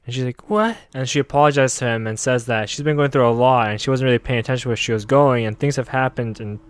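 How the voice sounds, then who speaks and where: A young man tells an anime plot as a sarcastic, swearing comedy recap, jumping his pitch up whenever he quotes the girls. His voice is smooth and clear. The sound is close and dry with no room around it. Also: steady tone, quick pace, no echo. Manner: sarcastic, mocking asides. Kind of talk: casual comedic recap with profanity.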